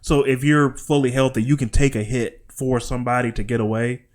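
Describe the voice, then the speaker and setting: Animated man teasing his gaming friends. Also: mid-range voice, fairly quick. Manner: animated, teasing, laughs often, restarts. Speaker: podcast co-host. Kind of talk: casual gaming chat.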